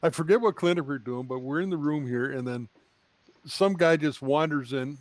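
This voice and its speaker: A man co-hosting a video chat, telling a lively anecdote and laughing at himself. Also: fairly high pitch, moderate pace, no echo. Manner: animated storytelling, laughs at own story. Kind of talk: casual anecdote on a video call.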